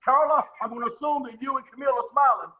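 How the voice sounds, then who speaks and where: High, bright-voiced male sales coach. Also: fast talker, poor audio. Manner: energetic, repeats phrases, calls on attendees by name. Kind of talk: live webinar teaching.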